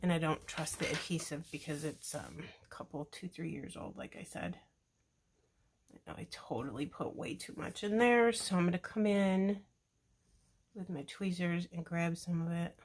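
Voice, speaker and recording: A woman hosting a crafting video, talking casually to viewers in a relaxed, chatty way while working with her hands. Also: on the low side, normal speed, slightly rough. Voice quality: relaxed, chatty, self-deprecating asides.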